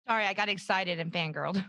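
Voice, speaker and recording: A woman's voice: mid-range voice, normal speed, bright, forceful tone, dry recording, clean studio sound. A woman player chatting casually on a tabletop game podcast, giggly and effusive. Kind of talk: casual chat.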